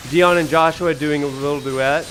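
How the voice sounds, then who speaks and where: This Alabama streamer and professor, speaking with a Southern US drawl, greets chat viewers with enthusiasm on a live gameplay stream over faint game music. His voice is on the high side and a bit bright, with fairly even intonation at a moderate pace, and there's a little hiss or hum.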